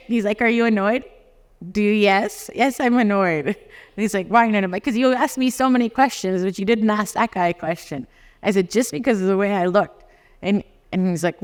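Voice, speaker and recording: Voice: medium pitch, moderate pace. A lawyer in their forties from Canada, giving a conference talk and acting out the dialogue in personal stories. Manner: animated storyteller who acts out dialogues and often laughs. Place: conference hall. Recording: long hall reverb.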